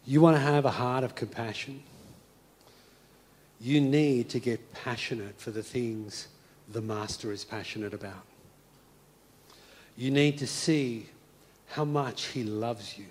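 A male pastor preaching a sermon, telling a story and then moving into a soft, hushed call to prayer. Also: mid-range voice. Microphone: speaking to a congregation and viewers at home.

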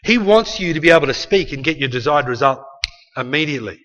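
A man's voice: a little high, animated, quick pace, bright, forceful tone, dull audio. A man preaching a sermon to a congregation in an emphatic manner, repeating key phrases and acting out quotes. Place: church hall with a live congregation. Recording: long reverb of a large hall.

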